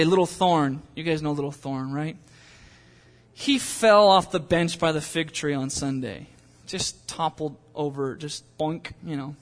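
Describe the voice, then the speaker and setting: A man's voice: a little high, a bit bright, big-room sound. A man preaching a sermon in a conversational way, building to impassioned pleas. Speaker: pastor.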